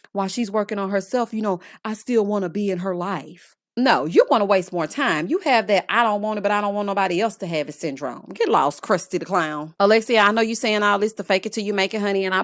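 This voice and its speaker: A woman's voice: mid-range voice, no room sound. Sassy woman recapping, dry close mic. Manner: sassy, exasperated, calls viewers honey and child. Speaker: reality TV recap vlogger. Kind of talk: casual opinionated recap.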